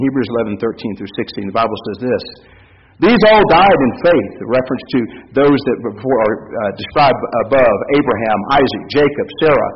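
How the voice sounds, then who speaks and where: A man preaches from the pulpit in a high, very animated voice, rising and falling dramatically through repeated phrases. The recording is a bit muffled, with a faint hiss underneath. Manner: impassioned, repetitive preaching cadence with dramatic rises and drops. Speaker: pastor. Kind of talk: sermon.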